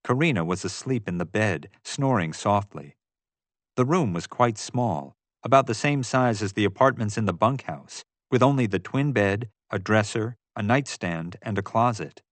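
A man giving steady, measured first-person audiobook narration. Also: on the low side, dry recording.

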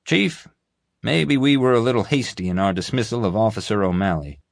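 A man's voice: on the low side, lively intonation, brisk, creaky, dry recording, clean studio sound, voice pushed up. A male narrator voicing an angry, blustering boss in an audiobook. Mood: persuasive. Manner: angry, emphatic. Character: gruff blustering male boss, quick-tempered.

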